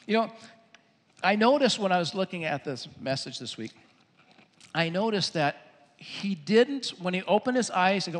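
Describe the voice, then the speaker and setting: A male pastor preaching a sermon, telling a Bible story in an animated way and acting out its scenes. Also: sits high, moderate pace. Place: church. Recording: echoey hall.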